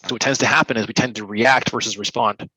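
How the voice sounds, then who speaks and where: Man, speaker and coach, bright forceful voice, dry close sound, energetic talker who acts out quick scenes. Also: mid-range voice, breathy edge, no echo, low-quality recording. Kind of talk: interview answers, coaching advice.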